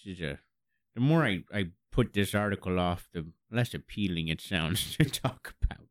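A man's voice: sits low, lively intonation, moderate pace, no room sound, clean studio sound. A man co-hosting a comedy talk show, telling absurd stories in a mock-serious announcer manner. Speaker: comedy podcast co-host. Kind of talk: absurdist comedy radio chat.

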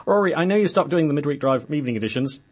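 A man's voice: on the high side, expressive. A man hosting a casual radio chat show, with a rambling, wry manner. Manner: rambling, wry and quick-witted. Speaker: radio host.

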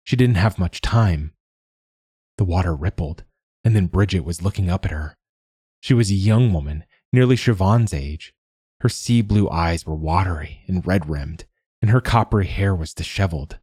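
Low, husky male audiobook narrator. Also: moderate pace, mellow, no echo, clean studio sound. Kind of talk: scripted narration.

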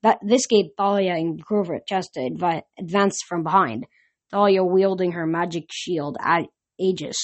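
A woman's voice: fairly low pitch, moderate pace. A woman reading a novel aloud, narrating in an unpolished way with frequent slips and restarts. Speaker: reader.

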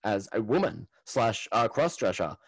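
Laid-back man, low voice. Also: big pitch swings, normal speed, creaky, breathy edge. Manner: laughs often, swears casually, rambling. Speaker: podcast co-host. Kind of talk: casual chat.

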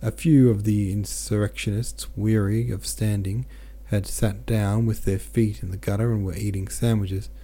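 A man's voice: lowish voice, steady tone, moderate pace, few pauses, warm tone. A man who hosts a podcast, reading a novel aloud in a plain way with small stumbles, then signing off casually. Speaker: podcast host and audiobook reader.

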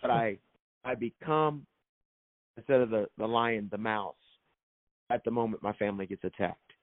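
A man's voice: lowish voice, fairly even intonation, moderate pace, dry recording. A man, an author and minister, telling his faith story as a guest in an emphatic, preacherly way and repeating phrases for effect. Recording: thin phone-like sound, dry.

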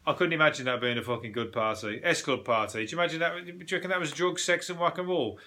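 A man's voice: on the high side, quick pace, bright, forceful tone. A man hosting a casual news review, rambling, swearing and laughing as he goes. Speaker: podcast host.

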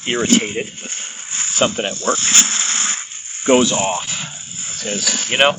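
A man's voice: fairly low pitch, steady tone, takes it slowly, heavy background noise. A man who works as a massage therapist, talking in a casual, rambling monologue and illustrating his points with examples and stories.

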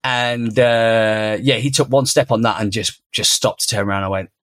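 A man, a father and podcast co-host, telling a story in casual conversation and acting out quoted lines in a much higher voice. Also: steady tone, moderate pace, fairly bright tone, no room sound.

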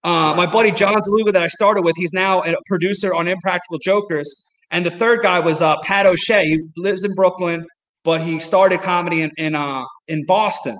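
A man's voice: high voice, steady tone, a little fast, a bit bright, in a large hall, rough recording. A man who produces comedy shows, a guest on a casual podcast, telling road stories with many "like" fillers.

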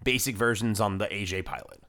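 A man hosting a podcast in casual chat, who recaps a show in a relaxed way, uses fillers, and lets his voice drop at the ends of phrases. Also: fairly low pitch, brisk. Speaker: podcast host.

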